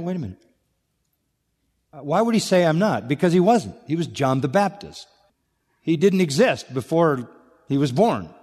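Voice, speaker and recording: A man's voice: a little high, darkish tone. A man preaching an expository sermon, emphatic and repetitive, firing off rhetorical questions to his listeners. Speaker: pastor. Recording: long hall reverb.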